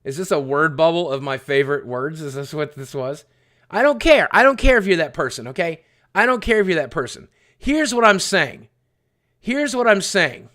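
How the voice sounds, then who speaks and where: A man's voice: fairly high pitch, animated, moderate pace, sharp tone. A young man streaming live, rambling and swearing as he answers chat messages and repeats himself. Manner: rambling, profane, repeats phrases. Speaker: livestreamer. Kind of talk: casual rant to live chat.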